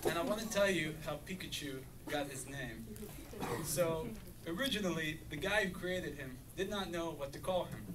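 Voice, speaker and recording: A man's voice: on the high side, normal speed. A young man performing stand-up comedy on a university stage, speaking hesitantly with many fillers. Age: young adult. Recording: distant mic, loud crowd and noise. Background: audience laughter and ambience.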